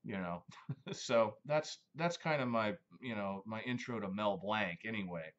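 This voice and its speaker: A man's voice: fairly low pitch, animated, measured pace, fairly bright tone, muffled recording, a little hiss or hum. A man hosting a casual monologue, rambling and reminiscing with many fillers. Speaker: host.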